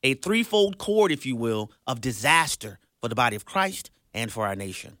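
Bright, emphatic man on Christian radio. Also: mid-range voice, sing-song, normal speed, no echo, clean studio sound. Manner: emphatic, preacherly delivery. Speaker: radio host. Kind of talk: radio fundraiser appeal.

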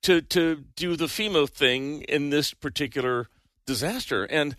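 Bright, dry-sounding man telling a story. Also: fairly high pitch, a little slow, no room sound. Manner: chuckling, rambling anecdote with restarts. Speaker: show co-host. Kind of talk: casual chat, storytelling.

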